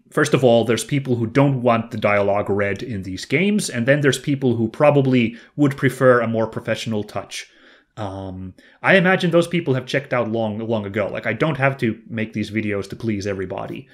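A man hosting his channel's retrospective in a rambling, self-deprecating way, full of "like". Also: mid-range voice. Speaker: YouTube channel host. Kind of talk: casual retrospective commentary.

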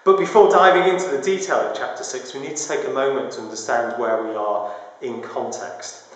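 Male preacher, mid-pitched, measured teaching, heavy hall reverb. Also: a bit bright. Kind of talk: sermon. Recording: very echoey hall with long reverb.

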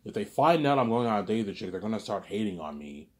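Rambling young man, low voice. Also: very animated, fast talker. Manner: rambling, repetitive, swears often. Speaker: vlogger. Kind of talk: casual monologue.

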